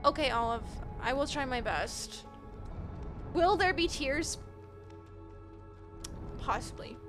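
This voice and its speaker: Woman, 20s, high voice, chatty live streamer, flustered and giggly, game music underneath. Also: expressive, slow pace. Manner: chatty, reads chat aloud, laughs often, flustered. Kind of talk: casual live-stream chat while gaming.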